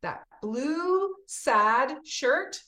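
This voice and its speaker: A woman teacher talking in an interview, expressive, often acting out classroom examples and asking "right?". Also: high-pitched, extremely slow. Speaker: teacher and children's program creator. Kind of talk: animated interview talk. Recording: echoey room.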